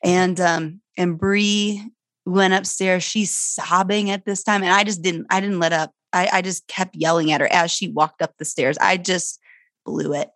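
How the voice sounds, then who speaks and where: A woman's voice: lowish voice, fairly even intonation, unhurried, a bit bright, no echo, studio quality. A middle-aged woman speaking candidly and animatedly as she tells a personal parenting story, her voice climbing sharply when she gets worked up. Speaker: guest, foster mother.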